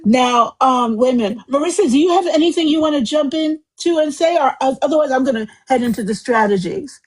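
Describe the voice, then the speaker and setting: A woman's voice: sits high, animated, fairly quick, poor audio. A woman hosting a live group discussion, talking casually and at length in a chatty, effusive, rambling way over a home computer mic. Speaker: host of a live book club discussion.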